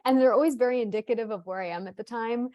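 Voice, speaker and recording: A woman in her thirties telling an animated, laughter-filled story on a podcast, often repeating words. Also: fairly high pitch, racing. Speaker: podcast co-host. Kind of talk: casual storytelling.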